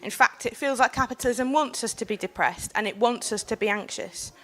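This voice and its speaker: A young woman, speaking on a panel while nursing a cold, earnest and forceful, with frequent "um"s. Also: a little high, brisk. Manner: earnest, forceful, with filler ums. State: has a cold. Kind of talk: impassioned public speech.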